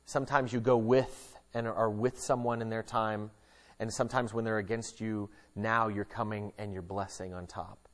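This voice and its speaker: A middle-aged man preaching in an easygoing, conversational way, dropping in asides and jokes. He swings between lively, emphatic stretches and quiet, earnest ones, talking straight to the congregation. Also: fairly low pitch, moderate pace. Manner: casual and joking, shifting between lively emphasis and hushed earnestness. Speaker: pastor. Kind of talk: conversational sermon.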